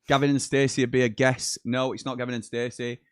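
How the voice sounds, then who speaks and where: A man's voice: medium pitch, smooth, dry recording, studio quality. A man hosting a live football watchalong, chatting and reading out viewer messages between bits of commentary. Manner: chatty, reads out live chat messages, excitable at goals. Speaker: watchalong host.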